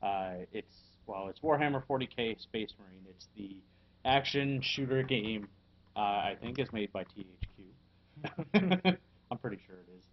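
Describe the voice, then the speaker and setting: A man hosting a casual podcast and reviewing a video game. He talks in a halting way, with lots of fillers and frequent chuckles. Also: fairly low pitch, animated, lo-fi sound.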